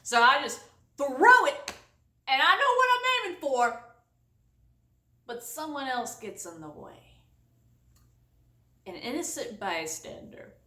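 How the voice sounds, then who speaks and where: A woman vlogger telling a comic story to camera, exaggerated and animated, laughing often. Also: high voice, slow pace, pauses often, reverberant, recorded from a distance. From United States.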